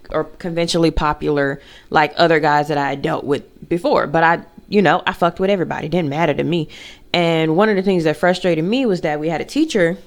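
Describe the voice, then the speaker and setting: A woman's voice: low voice, clean tone. A woman in casual chat, candid and talkative. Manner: chatty, candid, talks to her dog mid-story. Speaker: vlogger.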